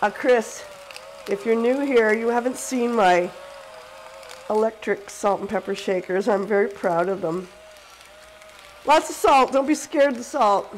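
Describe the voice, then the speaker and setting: A woman from Canada hosts a casual live cooking stream. She talks to her viewers in a chatty way and laughs often as she cooks. Her voice sits a little high. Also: a little slow, pauses often, a little hiss or hum, rough recording. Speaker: cooking show host.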